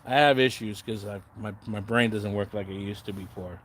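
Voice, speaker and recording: A man's voice: on the low side, fairly even intonation, moderate pace, fairly bright tone, a little hiss or hum. A man hosting a casual livestream, chatting to viewers in the comments, sarcastic and rambling, swearing freely and often losing his train of thought. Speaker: livestream host.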